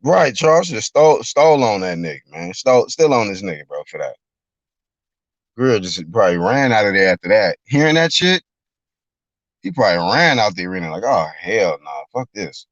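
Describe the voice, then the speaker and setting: Male streamer, profane live reaction rant, mocking; lively pitch, flat lo-fi recording with no room sound. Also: fairly quick, no echo. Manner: mocking, animated, breaks into shouted impressions. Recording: dull lo-fi dry recording.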